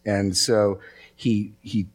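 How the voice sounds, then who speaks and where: A man's voice: on the low side, little pitch movement, extremely slow. A man preaching a sermon in a conversational way, telling stories and acting out quotes. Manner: conversational, storytelling with acted quotes. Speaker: pastor.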